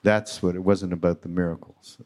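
A man hosting a podcast live on a retreat stage, telling a spiritual story in an animated way. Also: low voice, a little fast. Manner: animated storyteller acting out quotes. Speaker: podcast host.

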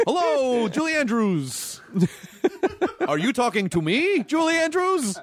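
A man putting on a mock-serious impression of a young actress who talks like a gruff tough guy. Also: very high-pitched, very animated, slow pace, slight background noise, voice pushed up, exaggerated voice.

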